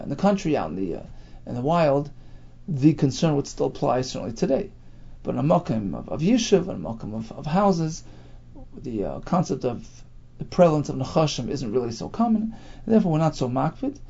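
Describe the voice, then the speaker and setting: Gravelly man teaching Talmud. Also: mid-range voice, very animated, brisk, warm tone, lo-fi sound. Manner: explains in English phrase by phrase, mixing in Hebrew terms. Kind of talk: Talmud class lecture.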